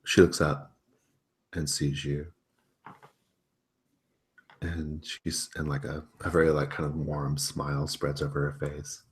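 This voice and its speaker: A man's voice: rumbling low, little pitch movement, slow, long pauses. A man running a tabletop role-playing game as game master, narrating in a casual, rambling way and laughing often.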